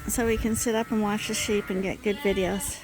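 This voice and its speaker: A woman's voice: mid-range voice, level tone, brisk. Chatty woman farmer, sheep bleating. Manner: chatty, explanatory, with fillers. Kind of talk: casual farm vlog narration. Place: outdoors and in a barn among sheep. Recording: clear farm noise behind.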